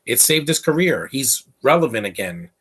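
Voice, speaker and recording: A man's voice: mid-range voice, big pitch swings, moderate pace, a bit bright, husky, distant mic. A man giving casual live film commentary, rambling and opinionated, often tripping over repeated words. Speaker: movie commentator.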